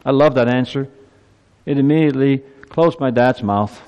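A man in his fifties preaching a sermon, moving from quiet reflection to loud, urgent appeals. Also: mid-range voice, normal speed, clear, resonant tone, dull audio. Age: 50s.

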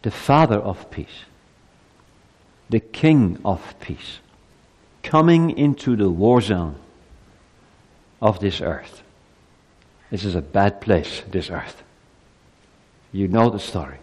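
Man, 50s, pastor, sermon, lively pitch, soft asides, loud climaxes. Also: slow, pauses often, slightly rough, in a large hall. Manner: animated preaching, rising loud on climaxes, dropping to soft asides. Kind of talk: Christmas sermon.

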